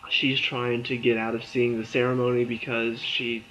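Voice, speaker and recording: Tired man, casual TV review, rambling with lots of fillers, mid-pitched voice, muffled lo-fi sound. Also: flat delivery, moderate pace, pushed and bright, slight background noise. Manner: rambling, filler-heavy, frequent restarts. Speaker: TV episode reviewer.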